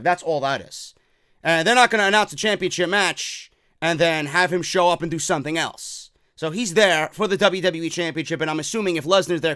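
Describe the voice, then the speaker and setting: Man, wrestling talk host, excitable rant, profane, dry close sound. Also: fairly high pitch, smooth, dry recording. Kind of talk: casual opinion rant.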